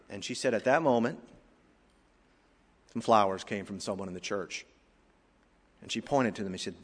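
A male pastor preaching a sermon with emphatic rises and drops in loudness, in a church sanctuary. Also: mid-range voice, expressive, moderate pace, long pauses. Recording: long hall reverb.

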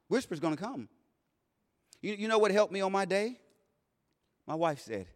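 A man preaching a sermon in a plain-spoken way, swinging between loud declarations and hushed asides. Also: sits high, animated, moderate pace, pauses often. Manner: plain-spoken, vernacular phrasing. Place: church sanctuary. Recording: long reverb of a large hall.

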